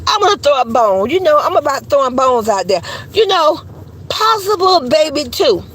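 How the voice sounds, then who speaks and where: A woman's voice: sits high, very animated, normal speed, a bit bright, poor audio. A woman hosting a gossip commentary channel, who talks bluntly, swears a lot, hurls insulting names and fires off rhetorical questions. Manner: repetitive, calls people insulting names. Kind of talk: profane opinion commentary.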